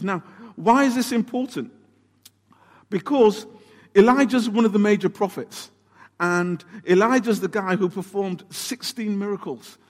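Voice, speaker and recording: A man preaching a sermon, telling the story in an animated, emphatic way and asking rhetorical questions. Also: high-pitched. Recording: long hall reverb.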